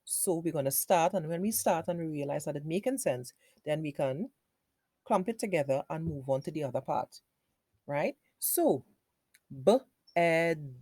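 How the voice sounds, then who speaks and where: A woman teacher giving a phonics lesson for young children, sounding out words slowly in parts. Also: low voice, expressive, dark tone, slightly rough, dry recording, studio quality.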